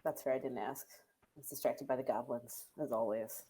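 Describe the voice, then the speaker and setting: A woman's voice: extremely low pitch, steady tone, moderate pace, warm tone, slight background noise. A woman playing a tabletop game, bantering in character and hesitating through lots of filler words.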